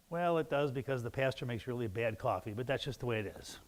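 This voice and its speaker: A man's voice: medium pitch, expressive, fast. A man, a pastor, giving a children's sermon in a church, chatting playfully with the kids and joking as he tells a story. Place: church sanctuary.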